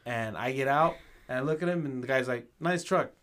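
A man's voice: medium pitch, a little fast. A man co-hosting a podcast in casual chat, cursing freely and mixing into as he tells stories. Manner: profane, animated storytelling. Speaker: podcast co-host.

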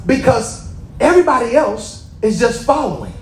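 A man preaching a sermon in a very high voice, with a strong roomy echo around him. He reads scripture aloud and then presses his point with impassioned calls that climb into shouting. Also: big pitch swings, moderate pace. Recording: echoey room.

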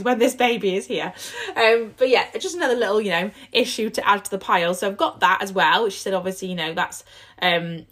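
A young woman, hosting a casual solo podcast, her voice a bit croaky, chatty with lots of fillers and restarts. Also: lowish voice, a bit bright. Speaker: podcast host.

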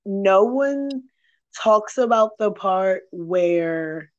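A woman's voice: medium pitch, lively intonation, extremely slow, highs cut off. Frank, profane young woman hosting a podcast. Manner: frank and profane, rambling with many fillers. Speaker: podcast host. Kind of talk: candid podcast chat.

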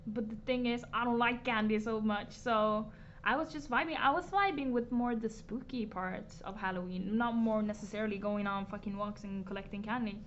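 A woman's voice: medium pitch, moderate pace. A young woman chatting casually with a friend, laid-back and slangy, swearing now and then. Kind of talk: casual chat. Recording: dull lo-fi sound with faint background noise.

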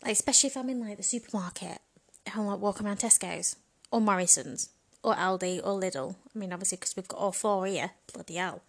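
A woman's voice: medium pitch, fast talker. A woman in a frank, bawdy comedic monologue, chatting casually and laughing often. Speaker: vlogger.

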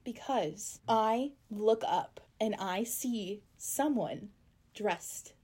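A woman's voice: mid-range voice, drawn-out words, over music. Chatty young woman telling a story. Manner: chatty, lots of "like", acts out quoted lines. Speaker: podcast co-host. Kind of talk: casual chat, telling a fan-fiction story.

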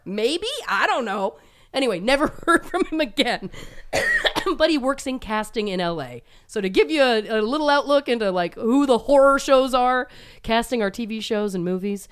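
A woman from Toronto tells a story in casual podcast chat. Her pitch swings widely and she laughs often at her own embarrassment. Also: moderate pace, clear, resonant tone. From Toronto, Canada. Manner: animated, laughs often, self-deprecating.

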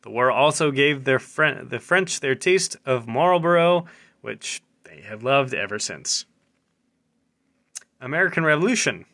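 A man with a bright, forceful voice and a middle pitch hosts a casual military news show. He reads news and jokes aloud in a chatty, offhand way. He stumbles, restarts and laughs through his reading. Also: lively intonation, a little slow, vocal fry.

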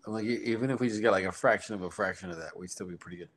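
A man co-hosting a podcast, a school principal, talking in a relaxed, rambling way. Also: deep voice, rapid-fire. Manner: relaxed, rambling, restarts often. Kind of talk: casual chat.

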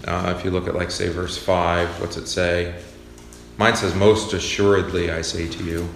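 A man teaching a Bible study class in a relaxed, conversational way, with many fillers. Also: deep voice, normal speed, creaky, a little hiss or hum. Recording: echoey hall with faint ambience.

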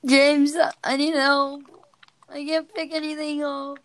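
High-voiced giggly teen girl gamer. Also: takes it slowly, heavy background noise. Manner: giggly, excitable, loud outbursts. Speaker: co-host of a gaming podcast. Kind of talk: casual gameplay chat.

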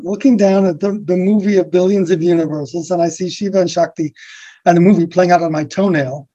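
A man from the USA, speaking as a guest in a reflective spiritual conversation, rambling softly with many restarts and fillers. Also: high voice. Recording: dull lo-fi recording.

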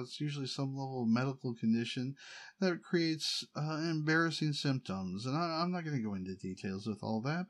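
A middle-aged man from the United States in a casual personal monologue, rambling and wryly complaining. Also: medium pitch. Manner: rambling, wry, exasperated complaining with laughs.

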